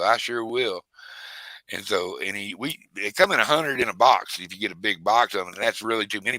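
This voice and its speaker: A man's voice: on the low side, bright, forceful tone, dry recording, low-quality recording. A man telling a rambling fishing story in casual chat, with lots of restarts. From Texas. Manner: rambling, drawling, many restarts.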